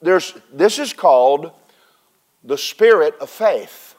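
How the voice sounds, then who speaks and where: A man preaching a sermon to a responding congregation, animated, with acted Bible voices and call-and-response. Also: fairly high pitch, takes it slowly. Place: church service with congregation responding.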